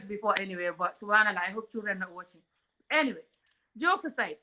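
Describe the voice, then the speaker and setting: A woman's voice: mid-range voice, animated, quick pace, bright, forceful tone, slight background noise. A woman from Africa hosting a comedic relationship talk, blunt and outspoken, often laughing. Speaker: host.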